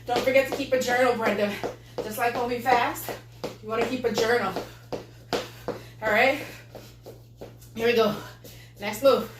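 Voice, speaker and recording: A woman with a fairly high voice coaches a workout at home, breathless and upbeat as she calls out moves and greets viewers. She sounds a little distant from the mic, in an echoey room with faint noise behind her. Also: steady tone, moderate pace, pauses often. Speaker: fitness instructor. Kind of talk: live workout session.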